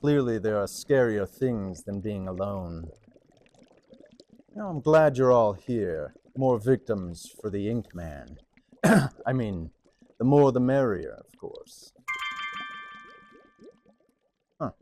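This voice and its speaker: A man's voice: fairly low pitch, animated, takes it slowly, warm tone. A man playing a theatrical spooky host. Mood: sly. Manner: theatrical, mock-sinister. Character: spooky male script keeper host.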